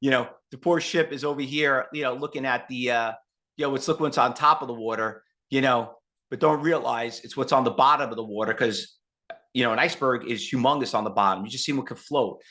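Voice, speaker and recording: Forceful, animated male trading teacher. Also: medium pitch, fairly quick. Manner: animated and rambling, acts out quotes. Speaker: trading educator. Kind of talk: live webinar teaching.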